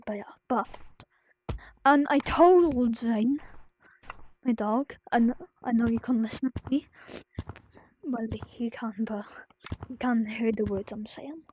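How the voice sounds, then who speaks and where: A woman talking to her viewers in a personal vlog, grieving and close to tears, in a sad voice that halts, restarts and slips into soft whispers. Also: a little high, a little hiss or hum, poor audio. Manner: halting, full of restarts and fillers, drifting into soft whispers. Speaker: vlogger.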